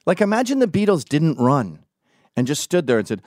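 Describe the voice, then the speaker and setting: A man vlogging into his own camera in an animated, profane rant, mimicking the people he talks about. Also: on the high side, brisk, no echo, studio quality. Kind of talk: ranting monologue to camera.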